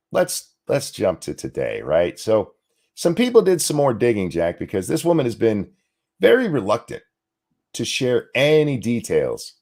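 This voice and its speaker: A man hosting a ranting commentary show, profane and indignant, talking in fast bursts. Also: fairly low pitch, darkish tone.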